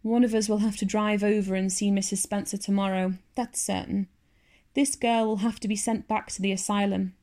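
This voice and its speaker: A woman's voice: medium pitch, level tone, moderate pace, dark tone, natural voice. A woman doing a stern, curt older spinster. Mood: stern, scolding.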